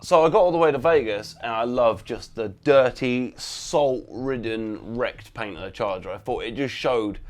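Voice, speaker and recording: An Englishman with an English accent tells his stories with gusto, mimicking the people in them and breaking into laughter. His voice sits at an ordinary middle pitch, and his tone stays relaxed and chatty. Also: moderate pace, few pauses. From England. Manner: animated anecdotes, laughs often, acts out quotes. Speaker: host, custom car builder. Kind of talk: casual chat, storytelling.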